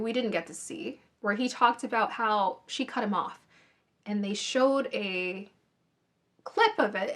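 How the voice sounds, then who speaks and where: A woman's voice: mid-range voice, a bit bright. A woman casually giving her opinions in a TV review, chatty and thinking aloud with restarts, recorded on a phone. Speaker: reality TV reviewer.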